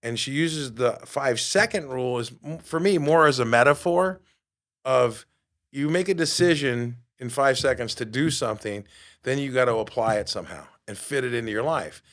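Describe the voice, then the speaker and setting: Animated New man telling a story. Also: mid-range voice, moderate pace. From New York. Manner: animated, acts out quoted dialogue. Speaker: podcast host. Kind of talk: storytelling monologue.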